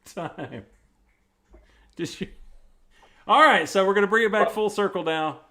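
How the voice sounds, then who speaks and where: A man's voice: high voice, a little fast, sharp tone. A man hosting a live improv comedy game, calling time and bringing players in, laughing along. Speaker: improv show host.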